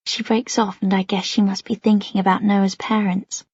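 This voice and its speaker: A woman reading a first-person story aloud in a soft, measured narration. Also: mid-range voice, level tone, breathy edge, no room sound, highs cut off. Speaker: audiobook narrator.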